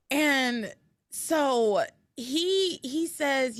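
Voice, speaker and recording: A woman hosting a podcast, recapping episodes in casual chat with animated storytelling and frequent laughter. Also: high voice, extremely slow, dry recording. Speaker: podcast host.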